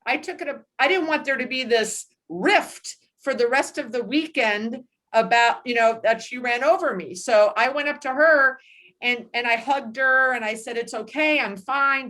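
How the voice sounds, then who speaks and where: A woman in her sixties with a fairly high voice tells a personal story during a casual book club discussion. Her delivery is animated, and she mixes in quick asides. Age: 60s. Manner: animated anecdote telling with laughs.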